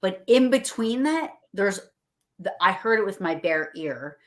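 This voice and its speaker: A woman chatting casually on a livestream, telling stories excitedly and acting out what people said. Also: mid-range voice, a little slow. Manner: excited, rambling storyteller acting out quotes.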